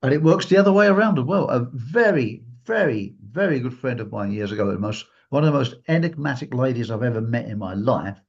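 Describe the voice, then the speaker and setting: A man telling a personal story during a talk, animated and acting out the lines of the people he quotes. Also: mid-range voice, fairly quick, vocal fry, hardly any pauses, breathy edge. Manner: animated, acts out quotes in a raised voice. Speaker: guest speaker. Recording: dull lo-fi recording.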